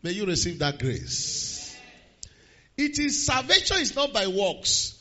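Guy preaching a sermon, real high sharp voice, goes quiet then shouts slow, kinda muffled recording. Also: very animated. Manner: swings from quiet to shouted emphasis, slows hard on key lines.

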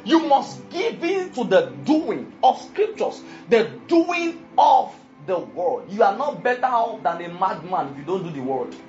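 The voice is medium-pitched and somewhat dark, with big pitch swings, an unhurried pace, and few pauses. A preacher gives an emphatic sermon, regularly asking the congregation if they follow, over soft music in dull lo-fi audio.

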